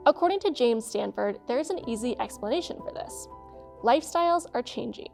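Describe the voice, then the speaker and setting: Woman, explainer host, slightly high voice, clear measured narration. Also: animated, darkish tone, faint music behind.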